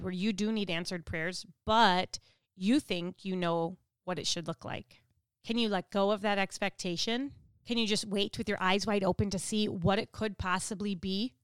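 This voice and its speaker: A woman's voice: medium pitch, clean tone, no echo, clean studio sound. A woman giving a conversational devotional teaching who asks listeners direct questions. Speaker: devotional speaker.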